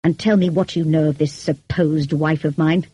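A woman reading the lines of a brooding, commanding middle-aged gentleman in an audiobook, curt and bitter in manner. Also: steady tone, normal speed, breathy edge, no echo. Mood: stern. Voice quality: deep, growling.

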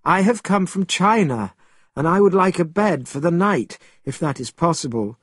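Guy playing a gentle polite monk, a bit high, husky, slow storybook voice. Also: lively intonation, no echo, studio quality, full character voice. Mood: earnest. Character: gentle, earnest male monk.

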